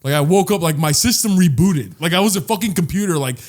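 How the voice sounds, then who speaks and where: A young man with a slightly high voice rambles through a story about himself, poking fun at his own antics and swearing as he goes. He stumbles and restarts often, like someone talking off the cuff with a friend. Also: animated, fast. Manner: rambling storyteller, self-mocking, swears a lot, many restarts and laughs. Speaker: podcast co-host. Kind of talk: casual chat.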